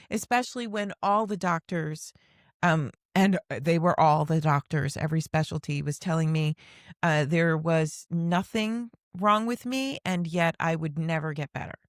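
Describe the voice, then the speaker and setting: A woman with a slightly low voice talks through her story in a candid, rambling way, restarting sentences and dropping the odd curse word. The recording is close and dry, with no room sound around her. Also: a bit bright, no echo. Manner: frank, rambling with fillers and restarts, occasional swearing.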